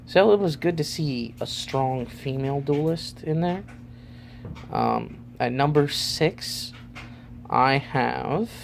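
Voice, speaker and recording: Gravelly casual male vlogger. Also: medium pitch, slight background noise. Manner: rambling, loose, lots of fillers. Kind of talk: casual vlog ranking.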